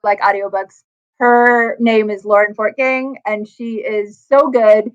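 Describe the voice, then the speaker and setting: A woman author talking casually in an animated, quick way. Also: mid-range voice, clear, resonant tone, dull audio. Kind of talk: casual conversation.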